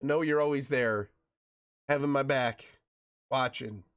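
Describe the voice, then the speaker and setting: A slightly bright, mid-range male voice, a little slow. He streams a game while joking and greeting viewers by name in easygoing chat. He coughs from a chest cold he's still getting over.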